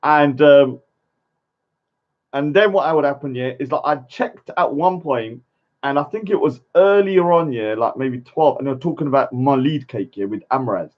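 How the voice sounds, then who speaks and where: Argumentative man, lively pitch. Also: normal speed. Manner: argumentative, keeps adding "yeah?" tags. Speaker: livestreamer. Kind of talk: casual livestream rant. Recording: dull lo-fi stream audio.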